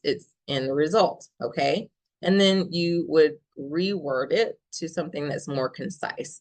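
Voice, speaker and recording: Gravelly-voiced woman leading a writing workshop. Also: deep voice, rough recording. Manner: steady and explanatory, with frequent "okay?" checks. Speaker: workshop presenter, professor. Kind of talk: instructional workshop talk.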